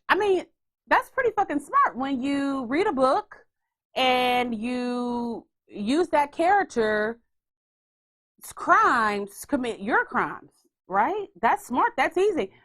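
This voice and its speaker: A woman hosting a podcast in casual chat, animated and swearing freely. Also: medium pitch. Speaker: podcast host.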